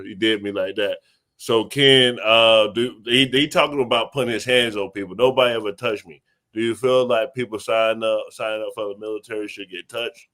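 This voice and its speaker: A man's voice: fairly low pitch, fairly even intonation, fairly quick, a bit bright. A man hosting a panel discussion, asking the guests questions casually. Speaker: host.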